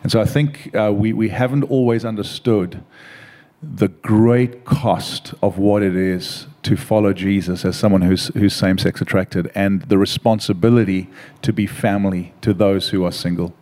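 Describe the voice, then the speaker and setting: A man speaking as a pastor on a church panel, answering in a slow, measured way with frequent pauses. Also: fairly low pitch, fairly even intonation, warm tone.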